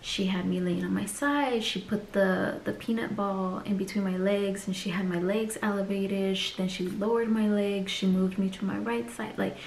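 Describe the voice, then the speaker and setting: Creaky-voiced woman telling a story. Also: mid-range voice, fairly even intonation, moderate pace, hardly any pauses, echoey room, slight background noise. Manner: candid, chatty, acts out quoted voices. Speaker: vlogger. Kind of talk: casual personal storytelling.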